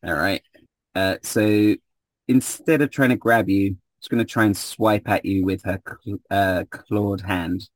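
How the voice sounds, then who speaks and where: A man narrating a tabletop game as game master, relaxed and hesitant, filling pauses with ums. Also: lowish voice, dry recording.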